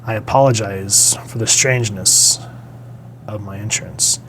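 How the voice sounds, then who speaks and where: A man reading out the lines of a stiff, old-fashioned male sorcerer in a lowered, formal delivery. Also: measured pace, fairly bright tone, a little hiss or hum.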